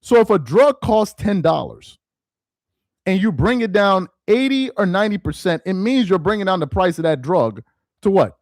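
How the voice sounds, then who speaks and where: A man hosting a live-stream commentary, reading aloud slowly with heavy emphasis and mocking what he reads. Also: high voice, expressive, no room sound, studio quality. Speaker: political commentary host.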